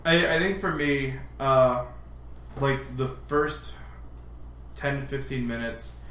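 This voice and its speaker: A man's voice: medium pitch, slow, fairly bright tone, reverberant, a little hiss or hum. A man hosting a casual movie podcast, talking with loose enthusiasm and frequent laughter. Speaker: podcast host.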